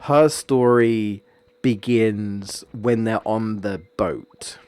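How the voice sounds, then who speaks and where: A man's voice: on the low side, fairly even intonation, extremely slow, darkish tone, smooth, no echo. A man, streaming and chatting casually, rambling with many fillers and restarts. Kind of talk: casual chat about a story.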